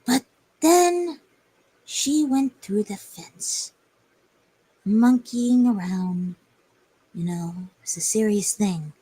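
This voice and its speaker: A woman's voice: medium pitch, very slow, long pauses, mellow, husky, dry recording. A young woman telling a story on a livestream in a rambling, hesitant way with many fillers. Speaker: streamer.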